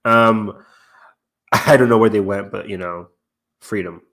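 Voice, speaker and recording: A man's voice: fairly low pitch, steady tone, slow, crowd noise. A man hosting a casual fan podcast, rambling with lots of fillers, laughing often and swearing casually. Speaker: podcast host.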